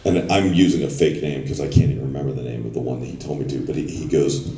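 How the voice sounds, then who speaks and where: A man's voice: a bass voice, steady tone, quick pace, warm tone, recorded from a distance. A man speaking as a guest on a convention panel, telling rambling, chatty stories. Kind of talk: anecdotal panel talk. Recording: echoey convention room from afar.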